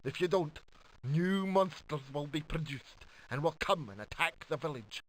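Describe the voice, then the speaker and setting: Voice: medium pitch, lively intonation, moderate pace, natural voice, low-quality recording. A voice actor doing a formal bunny villager. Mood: warning. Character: rabbit-like villager, polite and formal. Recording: game audio with music.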